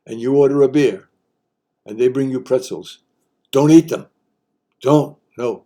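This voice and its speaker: A man's voice: mid-range voice, warm tone. An older man hosting a casual explainer, talking in a folksy, wry way with joking asides. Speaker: host.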